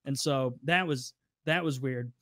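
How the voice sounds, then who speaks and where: A man's voice: mid-range voice, unhurried, dry recording, clean studio sound. A man in his twenties telling profane work stories in casual chat, acting out angry customers. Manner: animated, profane, acts out customers in raised voices. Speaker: podcast co-host telling stories. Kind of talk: casual storytelling.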